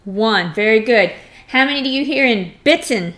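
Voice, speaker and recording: A middle-aged woman teaching a first grade phonics lesson, patiently sounding out words and clearing her throat now and then. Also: on the high side, expressive, normal speed, a bit bright. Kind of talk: recorded phonics lesson for young children.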